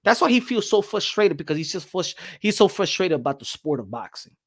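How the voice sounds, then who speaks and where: A man hosting a boxing show, talking in an animated, rambling way and slipping into Spanish. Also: high voice, a little fast, husky. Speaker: boxing podcast host. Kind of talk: casual boxing commentary.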